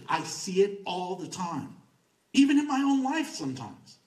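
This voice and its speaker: In a church sanctuary, a male pastor with a fairly high, darkish voice preaches conversationally and emphatically, repeating words for stress. The echoey recording was captured from a distance.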